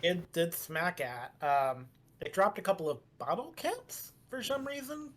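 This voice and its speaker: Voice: mid-range voice, animated, a little slow, fairly bright tone. A game master narrating a tabletop game in a rambling way, full of fillers and restarts.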